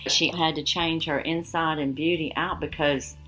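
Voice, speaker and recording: A woman's voice: sits low, fairly even intonation, normal speed, pushed and bright, soft background music. A woman vlogging at home, chatting to viewers in a gushing, rambling way. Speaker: beauty vlogger. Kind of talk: casual chat to viewers.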